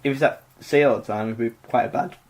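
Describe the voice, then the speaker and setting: A man with a mid-range voice speaks fast as he co-hosts a podcast. He retells a myth in a rambling, jokey, casual comedic way, packed with fillers.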